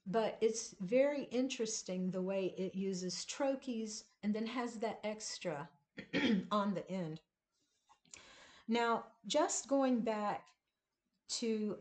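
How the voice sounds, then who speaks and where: A woman giving a casual online poetry lesson, speaking slowly and deliberately and stressing the rhythm of lines. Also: medium pitch, darkish tone. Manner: slow, deliberate, emphasizing rhythm. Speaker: poetry teacher. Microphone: camera at desk, seen gesturing.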